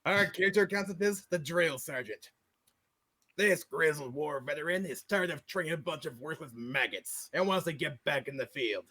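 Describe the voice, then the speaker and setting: A man's voice: a little high, lively intonation, normal speed, pushed and bright. A man co-hosting a tabletop gaming podcast, reading out a character concept in a casual chat. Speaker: podcast co-host.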